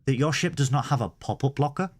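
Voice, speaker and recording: A man's voice: mid-range voice, quick pace, a little mellow. A man co-hosting a casual TV review podcast, cutting in with rhetorical questions. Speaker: podcast co-host.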